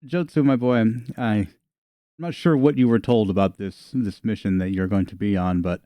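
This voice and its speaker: A refined and very old woman speaks slowly and softly in a tabletop game, as a man puts her on. The voice is low and mellow. The delivery is gentle and courteous. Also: no room sound, lightly acted. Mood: gracious.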